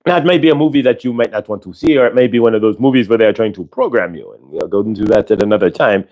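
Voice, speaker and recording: On a spiritual livestream, a man talks as a channeled collective "we," rambling and repeating himself while acting out everyday exchanges in quoted voices. He speaks quickly, in a lowish, darkish voice.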